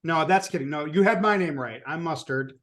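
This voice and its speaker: A man's voice: on the high side, a little fast, a bit bright. A man, an author guest on a podcast, who jokes around and then explains his point earnestly. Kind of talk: interview answers.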